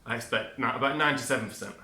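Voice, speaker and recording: A man's voice: mid-range voice, very fast, sharp tone. A man giving a rambling, upbeat self-help monologue, often cutting himself off mid-word. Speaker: vlogger. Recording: echoey room.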